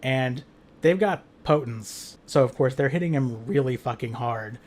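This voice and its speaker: A man's voice: medium pitch, a little slow, a little mellow. A man recapping a tabletop game as game master, rambling with lots of fillers, swearing and laughing. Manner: rambling, full of "like" fillers, profane, laughs a lot. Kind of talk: casual retelling of a tabletop game.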